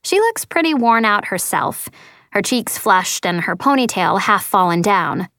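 A woman's voice: medium pitch, very animated, a little slow, a bit bright, dry recording, clean studio sound. A woman reading a first-person story as an audiobook narrator, earnest and lightly voicing the dialogue.

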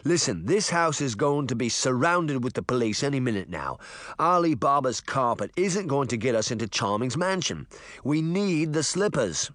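A man's voice: mid-range voice, sing-song, moderate pace, fairly bright tone, no room sound. A man voicing a careless, self-assured rogue in an audiobook, sounding brash and impatient. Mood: insistent. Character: cocky, careless roguish man. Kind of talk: audiobook character voice.

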